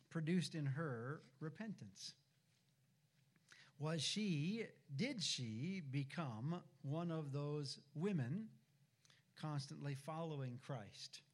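A man preaching a sermon in a deliberate, reflective manner. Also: on the high side.

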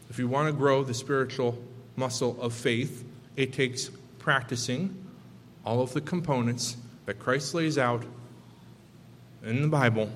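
A man's voice: medium pitch, fairly bright tone, in a large hall, a little hiss or hum. A male pastor giving a sermon, talking loosely and off the cuff and throwing out rhetorical questions to the congregation.

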